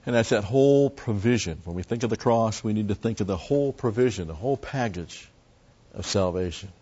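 A man's voice: lowish voice, expressive, brisk, warm tone, husky. A man preaching a methodical Bible teaching, explaining Greek words and repeating key terms. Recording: dull lo-fi recording.

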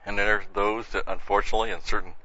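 A man's voice: fairly low pitch, flat delivery, quick pace, pushed and bright. A man preaching a verse-by-verse sermon in a conversational way, often saying "see" and "you know.". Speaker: pastor. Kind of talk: sermon, verse-by-verse Bible teaching. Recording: dull, muffled lo-fi sound.

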